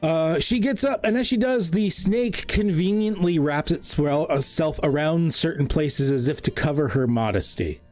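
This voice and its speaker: A man's voice: fairly high pitch, moderate pace, hardly any pauses, a little mellow, faint music behind. A man narrating a tabletop game as game master, rambling with many ums and uhs.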